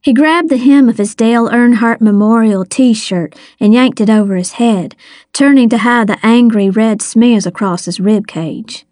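A woman reading a first-person story aloud in an unhurried, expressive way, giving voices to the characters. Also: a little high, no echo, studio quality. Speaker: audiobook narrator. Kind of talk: first-person audiobook narration.

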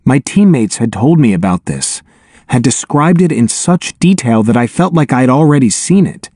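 Man, audiobook narration, wry first-person telling, animated pitch, close mic, dry studio. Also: normal speed, no room sound.

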